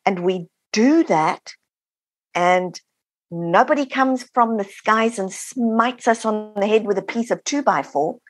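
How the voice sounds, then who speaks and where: In this interview, a woman author answers questions and teaches, explaining her ideas and animatedly performing the voices of the people she quotes. Her medium-pitched voice moves slowly, with no room sound in the recording.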